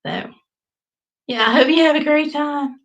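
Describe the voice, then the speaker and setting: With highs cut off in the audio, a middle-aged woman from the United States hosts a casual livestream, reading viewer comments and telling corny jokes in a playful, chatty way. Her voice sits high, and she's unhurried.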